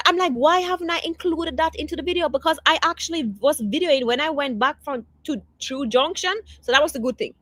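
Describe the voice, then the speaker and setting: A woman's voice: high-pitched, a bit bright, no room sound. A woman hosting a casual livestream, chatting loosely and answering viewer comments, often restarting her sentences. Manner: rambling, with many restarts. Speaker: livestream host.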